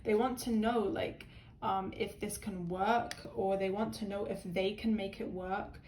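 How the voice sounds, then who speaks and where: A woman's voice: mid-range voice, fairly even intonation, unhurried, darkish tone, slight background noise. A woman giving a pick-a-card tarot reading to her viewers, earnest and emotional, rambling with lots of "um" and "like". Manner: rambling, full of "um" and "like".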